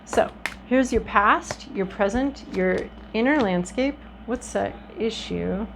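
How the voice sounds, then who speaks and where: A woman's voice: fairly high pitch, slow, vocal fry, noisy background. A woman giving a casual tarot reading to her viewers, talking in a chatty, reflective way with frequent ums and restarts. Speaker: tarot reader.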